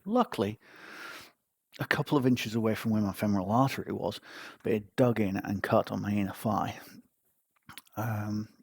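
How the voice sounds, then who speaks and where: Guy with a low husky voice rambling through a funny hospital story, dry close sound. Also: normal speed, dry recording. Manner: wry, self-mocking storyteller. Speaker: podcast host. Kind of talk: casual anecdote telling.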